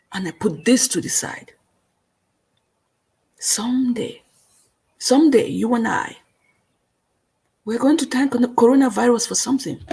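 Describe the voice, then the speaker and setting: Woman host, non-native accent, husky voice, slow and earnest on a solo stream. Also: a little high. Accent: non-native English. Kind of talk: solo live stream reading comments.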